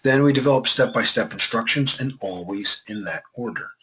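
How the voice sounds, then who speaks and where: A man's voice: mid-range voice, moderate pace, bright, forceful tone, poor audio. A man teaching a class in a casual, conversational way, with joking asides. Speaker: instructor. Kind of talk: classroom lecture.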